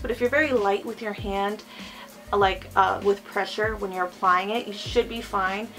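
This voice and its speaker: A woman's voice: mid-range voice, fairly bright tone. A woman with a lisp giving a chatty, gushing makeup review as a vlogger, talking casually with lots of fillers. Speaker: beauty vlogger.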